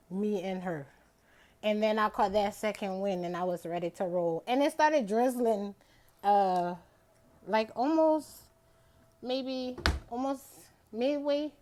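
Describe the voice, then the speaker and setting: A woman's voice: medium pitch, a little mellow. A woman, chatting casually through her day in a vlog. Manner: chatty, rambling, drawls out words. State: out of breath after a bike ride. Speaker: vlogger.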